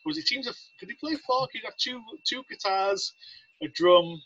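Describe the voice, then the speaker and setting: An English man, a Navy veteran guest on a podcast, rambles through casual anecdotes and acts out what people said. His voice is high and expressive at a moderate pace. The recording is muffled, with crowd noise.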